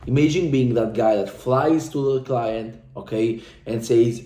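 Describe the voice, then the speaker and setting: Young man, dark mellow tone, fervent repetitive testimonial, echoey room. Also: on the low side, fairly even intonation, moderate pace, few pauses. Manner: intense, profane, repetitive, speaks from the heart. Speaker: coaching client giving a testimonial. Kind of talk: emotional motivational testimonial.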